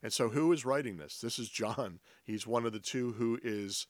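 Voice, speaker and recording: A man preaching a sermon as a pastor, reading scripture aloud and explaining it earnestly, slowing down and dropping his voice on key phrases. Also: mid-range voice, no room sound, studio quality.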